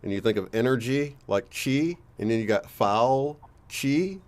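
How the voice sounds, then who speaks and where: A man talking as a guest in a relaxed, rambling casual chat. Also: medium pitch, measured pace. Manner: relaxed, rambling, laughs easily.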